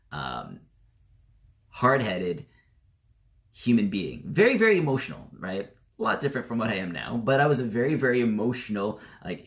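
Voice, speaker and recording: Animated man telling stories to camera. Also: on the low side. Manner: animated storytelling, acts out heated arguments. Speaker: network marketing vlogger. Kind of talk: casual talk to camera.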